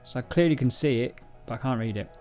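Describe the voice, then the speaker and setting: On a live stream, a man casually walks through a programming book, rambling, joking at his own expense, and stumbling over words. He talks fast at medium pitch in a slightly mellow voice, with soft background music.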